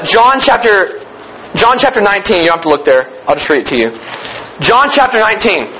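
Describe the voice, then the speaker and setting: A man preaching a sermon with emphatic delivery, repeating key phrases and slowing down to stress them. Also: high voice, sharp tone, highs cut off, a little hiss or hum. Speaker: pastor.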